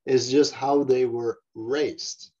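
A man's voice: medium pitch, fairly even intonation, takes it slowly, warm tone. Man on a dull lo-fi recording. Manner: provocative, clears throat often. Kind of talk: casual chat.

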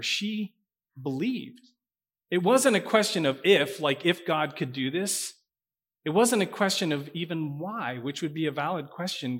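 A man preaching a sermon, swinging between loud emphasis and quiet asides. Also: a little high. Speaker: pastor. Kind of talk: sermon with scripture reading.

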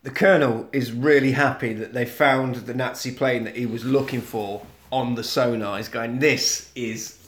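A man's voice: mid-range voice, fairly even intonation, moderate pace, few pauses. A man co-hosting a casual podcast, joking and swearing as he recaps a story. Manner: jokey, sweary, drops into silly voices. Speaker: podcast co-host. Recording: echoey room.

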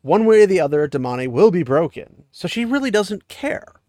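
A man's voice: high voice, big pitch swings, moderate pace, warm tone, no room sound, clean studio sound. A man chatting casually as he recaps a fantasy book, laughing at the story now and then.

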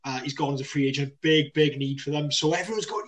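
Excitable man, a little off-mic. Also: fairly high pitch, distant mic. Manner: excitable, laughs often, quick banter. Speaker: podcast co-host. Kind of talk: casual sports chat.

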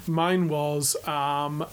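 A man's voice: a little high, slight background noise. A man in his forties with an English accent, co-hosting a casual podcast with plenty of chuckles and stumbling restarts. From England. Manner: chuckling, self-mocking, stumbles over restarts. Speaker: podcast co-host. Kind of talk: casual chat.

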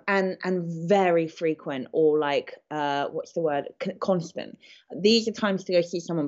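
Low-voiced woman giving frank advice. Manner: frank, practical, loose with fillers. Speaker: podcast co-host and fitness coach. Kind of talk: casual advice chat. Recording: dull lo-fi sound.

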